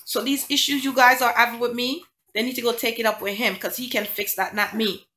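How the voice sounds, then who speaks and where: In an indignant storytime vlog, a single mom recounts a conflict with emphasis, hammering her point with rhetorical question after rhetorical question. Her fairly high voice has a sharp tone, fairly even intonation, and a brisk pace.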